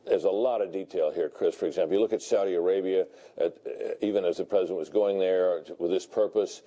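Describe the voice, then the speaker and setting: A man commenting on a televised political panel, measured and deliberate, often hunting for words. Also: low-pitched, dark tone. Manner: measured and deliberate, with frequent filler words and restarts. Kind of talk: broadcast panel discussion.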